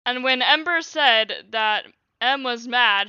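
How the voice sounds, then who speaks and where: Woman streamer, lively reader with chatty asides, bright crisp voice, dry and a little lo-fi. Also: fairly high pitch, takes it slowly, no echo. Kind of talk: reading a childhood journal aloud on a livestream. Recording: dull lo-fi stream audio.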